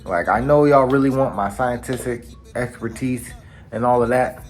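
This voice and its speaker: A man voicing a brash male genius scientist who talks quickly in casual slang. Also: mid-range voice, soft background music, natural voice. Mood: hustling. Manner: hustling, rapid, casual slang.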